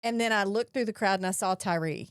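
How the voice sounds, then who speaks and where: A woman's voice: medium pitch, fast, clear, resonant tone, dry recording, clean studio sound. A woman who hosts a crime podcast and reports on crime, chatting casually and telling stories with loose fillers. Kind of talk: casual interview conversation.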